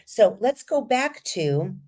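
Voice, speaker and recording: A woman voice coach leading a podcast lesson, energetic and guiding listeners step by step through breathing exercises. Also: mid-range voice, slow.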